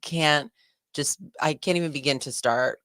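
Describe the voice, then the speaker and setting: A young woman co-hosting a casual wrestling podcast, gushing and excitable, with many fillers and restarts. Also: sits low, measured pace, no echo. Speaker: podcast co-host.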